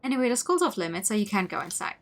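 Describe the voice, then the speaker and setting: A woman's voice: mid-range voice, sing-song, very fast, gravelly. A woman voicing a suspicious young male night guard in a horror game.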